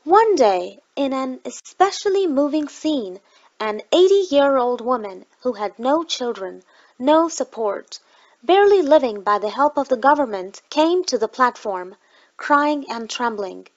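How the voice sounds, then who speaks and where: A woman reading a book aloud in the first person, with a slow, even delivery. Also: sits high, dull audio. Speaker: audiobook reader.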